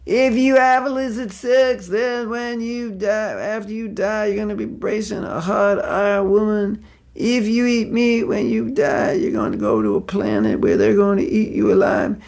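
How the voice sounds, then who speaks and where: A man's voice: sits high, normal speed, vocal fry, a little mellow, pitched above the performer's own voice. A man doing a mocking impression of a zealous street preacher who scolds listeners and warns of hellish punishments. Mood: scolding, preachy. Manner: preachy, scolding, sing-song.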